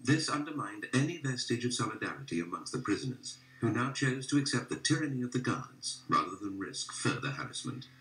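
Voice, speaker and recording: A man giving scripted documentary narration in a measured, grave manner. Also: medium pitch, sing-song, fairly bright tone. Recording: roomy echo.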